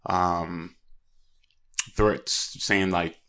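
A man's voice: sits low, steady tone, very slow, fairly bright tone. A man co-hosting a podcast, chatting casually about a film in a hesitant way, with many fillers. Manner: hesitant, lots of likes and ums. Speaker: podcast co-host. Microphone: studio mics.

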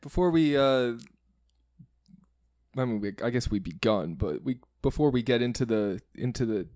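A man's voice: mid-range voice, lively intonation, moderate pace, a little mellow, no echo, studio quality. A man hosting a casual film podcast, rambling a little and correcting himself as he goes. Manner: rambling, self-correcting, chuckling. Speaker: podcast host.

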